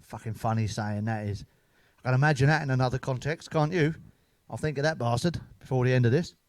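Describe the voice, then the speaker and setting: A man's voice: medium pitch, a little fast, no room sound. Man, middle-aged, sweary, blunt, casual joke-telling, dry close recording. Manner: sweary, blunt, laughing at his own jokes. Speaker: stand-up comedian. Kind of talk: casual stand-up storytelling.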